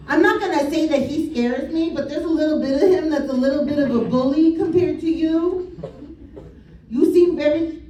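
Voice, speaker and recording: A woman with a high-pitched, slightly mellow voice gives a live psychic reading, relaying spirit messages in a blunt, casual manner full of swearing and laughter. The sound is echoey and distant.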